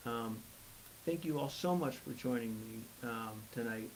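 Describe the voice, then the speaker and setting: A man's voice: medium pitch, a little slow, a little hiss or hum, poor audio. A man hosting a live music stream, rambling through a casual story with lots of hesitation. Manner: rambling, hesitant, many fillers; self-deprecating humor. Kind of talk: casual storytelling between songs.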